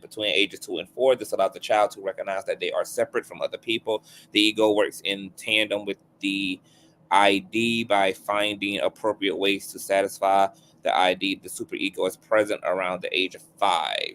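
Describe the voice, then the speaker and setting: Very deep-voiced man explaining calmly. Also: a little hiss or hum, rough recording. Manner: measured, explanatory, reads from a shared screen.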